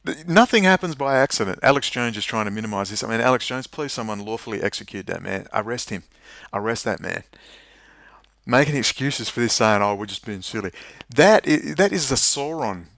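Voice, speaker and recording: Gravelly, emphatic man ranting. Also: medium pitch, animated, a little fast, a bit bright, no echo. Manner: rambling, emphatic and indignant. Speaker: political commentator. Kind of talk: monologue to camera.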